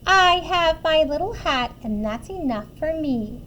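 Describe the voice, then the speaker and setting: A woman's voice: sits high, animated, unhurried, a bit bright, slight background noise. A woman voicing a tiny, sweet old woman who is easily startled but firm, exclaiming and scolding in a storybook reading. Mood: gentle. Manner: gasping exclamations, scolding when stern.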